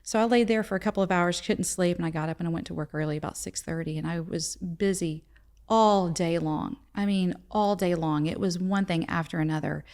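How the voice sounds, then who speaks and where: A woman's voice: on the low side, fast, hardly any pauses, darkish tone. A middle-aged woman, a guest telling a personal story in conversation, acting out the dialogue in earnest. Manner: retells events by acting out quoted dialogue, earnest.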